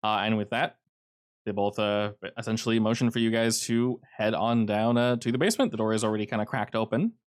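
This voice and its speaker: A man's voice: lowish voice, brisk. A man narrating a tabletop game as game master, casual with many fillers.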